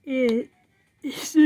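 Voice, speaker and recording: A woman's voice: sits high, fairly even intonation, very slow, mellow, dry recording, soft background music. A woman telling a funny story in a casual way, giggling and laughing often.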